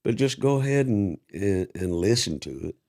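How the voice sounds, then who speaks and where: Male podcast host, very deep voice, reflective. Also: lively intonation, normal speed, dark tone. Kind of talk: casual podcast interview.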